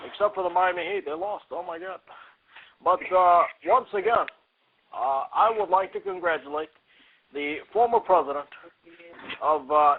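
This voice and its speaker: A man impersonating a male president giving a halting, mock-formal speech full of pauses, as a comedy podcast bit. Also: sits high. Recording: tinny phone-like lo-fi audio.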